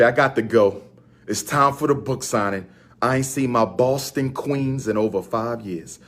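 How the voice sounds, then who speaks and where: A man with a husky, slightly rough voice speaks straight to his audience, chanting announcements with a preacher's fire. He is from Philadelphia and hammers each point home through repetition. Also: medium pitch. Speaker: speaker promoting his events. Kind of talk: impassioned direct-to-camera address.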